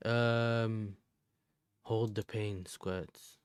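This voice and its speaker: A man's voice: lowish voice, steady tone, drawn-out words, clear, resonant tone, no echo. A young man from the Netherlands, chatting casually and rambling in slang as a football live-streamer.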